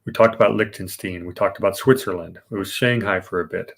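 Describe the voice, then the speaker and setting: A man's voice: low-pitched, brisk, creaky, a bit bright. A man hosting a podcast, explaining financial history in a casual, rambling way with fillers and restarts. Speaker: podcast host. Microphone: remote podcast setup.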